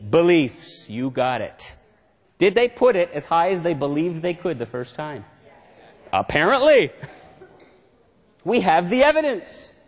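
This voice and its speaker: A man's voice: on the high side, very animated, measured pace, long pauses. A man giving a motivational seminar as a management consultant, playful and constantly quizzing his audience with questions. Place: lecture hall with audience. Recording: long hall reverb.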